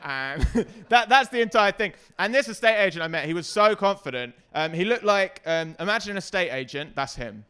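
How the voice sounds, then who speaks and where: A man doing a stand-up comedy set, self-deprecating and hesitant with many ums, sometimes breaking into loud shouted bits. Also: high voice, lively intonation, moderate pace, hardly any pauses, smooth.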